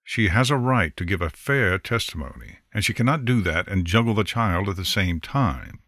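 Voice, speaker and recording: A man's voice: lowish voice, lively intonation, normal speed, a bit bright, no room sound, clean studio sound. A man voicing the crown prince of Hell, courteous and persuasive as he addresses a court.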